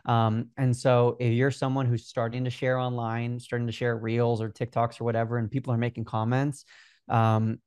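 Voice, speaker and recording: An earnest, energetic young man in his twenties talks through his story as a podcast guest, often pausing on fillers. His voice sits at an ordinary middle pitch, recorded close with no room echo. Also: clean tone. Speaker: guest, Instagram growth coach. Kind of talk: casual interview talk.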